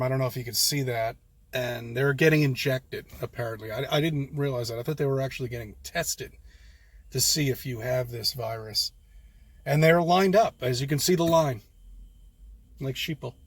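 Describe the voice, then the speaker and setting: A man filming a street vlog, ranting and swearing, swinging from loud outbursts to muttered whispers. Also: medium pitch, no room sound. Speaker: vlogger. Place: outdoors on a city street.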